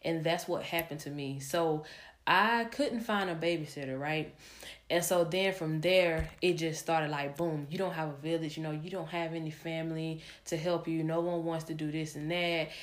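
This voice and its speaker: Young female podcast host, low voice, candid rambling storyteller. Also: steady tone, moderate pace. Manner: candid, rambling, many fillers and restarts. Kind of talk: personal storytelling.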